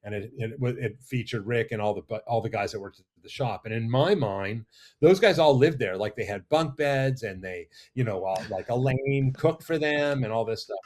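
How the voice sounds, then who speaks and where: A middle-aged man, a makeup effects artist, telling animated, rambling stories as a guest in a casual interview. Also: medium pitch, normal speed. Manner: animated, rambling anecdotes with restarts. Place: studio or lounge.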